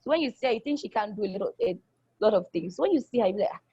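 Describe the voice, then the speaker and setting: A young woman talks eagerly about her student life, circling back to repeat her points. Her voice sits mid-pitch for a woman. The recording is dull and lo-fi, with a dry, close sound. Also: very animated, very fast, dark tone, breathy edge, dry recording. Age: young adult. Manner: enthusiastic, repeats phrases, acts out quoted people. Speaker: college student. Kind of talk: casual spoken testimonial.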